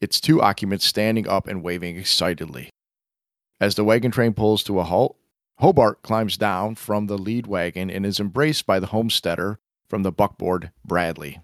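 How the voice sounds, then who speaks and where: On the low side and moderately paced, his voice comes through a dry, clean studio recording. He's a co-host on a film podcast, reading a screenplay aloud in relaxed conversation while frequently chuckling and teasing himself.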